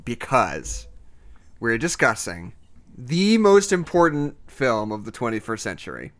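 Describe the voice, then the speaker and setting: Male podcast host, lively swooping pitch, jokey storyteller, casual chat. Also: measured pace. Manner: animated, joking, tells stories with playful exaggeration.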